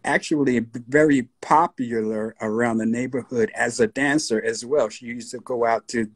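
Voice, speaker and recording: As an interview guest, this American man in his sixties reminisces in a laid-back storytelling style, his New York accent carrying a husky, mid-range voice. He takes his time and now and then imitates radio DJs.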